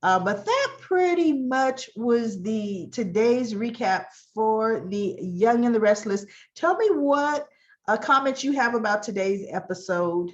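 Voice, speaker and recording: A woman's voice: fairly high pitch, expressive, unhurried, dull audio. A woman giving a casual, chatty recap of a soap opera episode, retelling the scenes by acting out the characters' lines.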